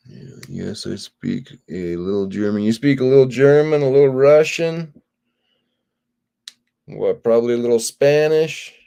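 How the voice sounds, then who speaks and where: A man hosting a casual livestream, chatting and reading viewer comments aloud in a relaxed, drawling way. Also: medium pitch, a little slow, vocal fry, clear, resonant tone. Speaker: livestream host.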